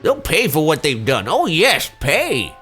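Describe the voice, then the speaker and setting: A man's voice: fairly high pitch, huge pitch swings, unhurried, sharp tone, faint music behind, pitched above the performer's own voice, exaggerated voice. A man voicing a woeful old father who melodramatically begs for help while playing a video game. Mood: melodramatic. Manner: melodramatic and wailing. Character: woeful old father pleading for his kidnapped daughter. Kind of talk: let's play voicing game dialogue.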